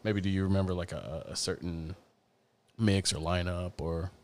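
A man's voice: sits low, steady tone, moderate pace, a little mellow. Laid-back young man hosting a podcast. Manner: laid-back slangy talk, many fillers. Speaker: podcast host. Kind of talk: casual podcast chat.

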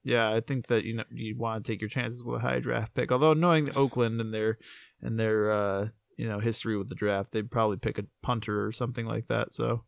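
Young man, casual sports chat, relaxed, lots of fillers, dry sound. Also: lowish voice, fairly quick, creaky, no room sound, highs cut off. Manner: relaxed, many fillers like "you know" and "like". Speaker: podcast co-host.

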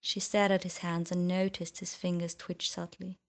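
A woman reading fiction aloud as audiobook narrator, measured and subdued. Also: on the low side, level tone.

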